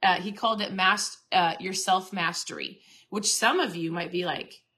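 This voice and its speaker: A woman's voice: on the low side, moderate pace, bright, forceful tone. A middle-aged woman hosting a casual motivational podcast talk, chatty and earnest, often restarting and repeating herself. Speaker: podcast host and keto coach.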